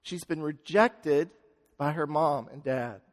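A man delivers a sermon, dramatically telling a story and swinging between loud, rapid stretches and quiet, slow ones. His pitch is fairly high, and the sound carries the echo of a big room.

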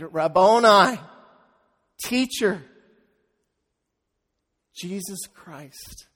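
A pastor preaching in a church sanctuary, his fairly high voice carrying a long reverb through the hall. He speaks slowly, letting phrases fall to near silence before rising again with force. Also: slightly rough. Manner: slow, with hushed drops and swells to loud emphasis. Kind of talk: sermon.

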